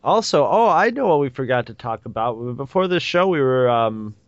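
Podcast co-host, male, relaxed banter. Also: medium pitch, normal speed, no room sound. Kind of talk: casual chat. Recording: dry, slightly dull sound with faint music.

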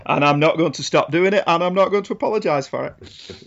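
A man's voice: fairly high pitch, a little fast, creaky, a bit bright. A man co-hosting a podcast in casual chat, joking and laughing often. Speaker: podcast co-host. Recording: slightly muffled lo-fi audio.

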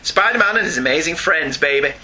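A man's voice: on the high side, animated, sharp tone. A middle-aged British man co-hosting a podcast, reading out listener emails in a chatty manner with frequent laughs. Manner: chatty, slows down and laughs often. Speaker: podcast co-host.

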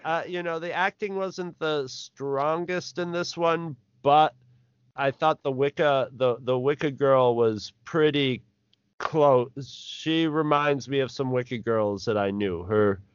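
A man's voice: mid-range voice, slow pace, clear, resonant tone, dry recording. A man co-hosting a podcast, chatting casually and rambling with laughs as he reviews a film. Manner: rambling, laughs while talking. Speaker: podcast co-host. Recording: dull lo-fi podcast audio.

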